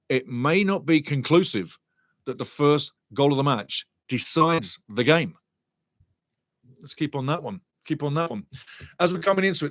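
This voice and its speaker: A man's voice: a little high, dry recording. A man hosting a live football watchalong, talking in an enthusiastic, chatty way and often repeating himself for emphasis. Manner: enthusiastic, repetitive, chatty, addresses the chat directly. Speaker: watchalong host. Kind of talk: live pre-match football commentary.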